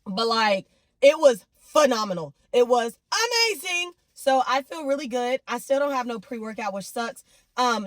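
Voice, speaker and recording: A woman vlogging casually to camera about her week, her voice hoarse and nearly gone, with expressive bursts of excitement. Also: high-pitched, dry recording. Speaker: fitness and faith vlogger. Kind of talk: casual vlog chat to camera.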